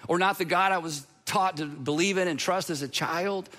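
A man preaching a sermon as pastor, earnest and emphatic, with dramatic pauses and sudden drops to a hush. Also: sits high.

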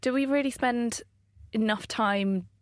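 A woman's voice: a little high, unhurried, no room sound, clean studio sound. A woman hosting a podcast in a chatty, upbeat manner. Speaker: podcast host.

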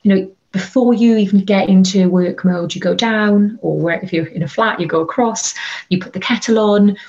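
A woman, a wellbeing and burnout coach, giving chatty, animated advice in an interview from her bedroom, with lots of fillers. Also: mid-range voice, moderate pace. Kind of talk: interview conversation. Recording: slightly dull lo-fi audio.

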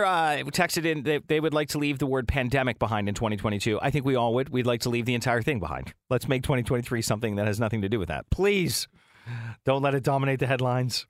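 A man's voice: medium pitch, a bit bright, no room sound, studio quality. A man co-hosting a morning radio show, chatting casually, laughing often and reading out listener texts.

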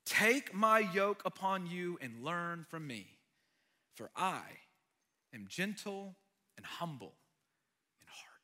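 A male pastor delivering a sermon with a fairly high, bright and forceful voice. He preaches earnestly, pressing hard on key lines and then dropping to a hushed, almost whispered tone. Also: expressive, slow, pauses often. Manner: earnest, swings between loud emphasis and hushed near-whisper.

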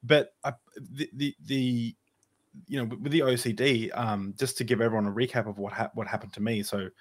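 A man's voice: mid-range voice, steady tone, brisk. A man telling a personal story in casual conversation, rambling and restarting his sentences, with self-deprecating asides. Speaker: podcast co-host.

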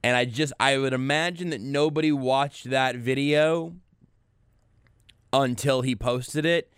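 A man hosting a talk radio show, riffing wryly with a deadpan edge and frequent restarts. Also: mid-range voice, a little slow, clear, resonant tone, no echo, studio quality. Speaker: radio host. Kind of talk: casual talk-radio banter. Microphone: studio microphone.

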